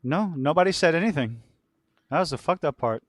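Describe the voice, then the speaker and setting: A man's voice: on the high side, lively intonation, brisk, no room sound, clean studio sound. A man co-hosting a casual podcast chat, from southern Louisiana, rambling, laughing often and swearing. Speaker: podcast co-host.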